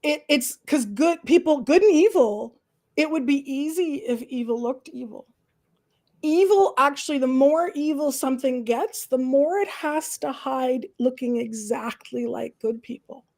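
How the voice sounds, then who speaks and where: A woman host chatting casually on a livestream, animated and opinionated, tossing in "like" and "right?" often. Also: high-pitched, measured pace. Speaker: host, professor and counsellor.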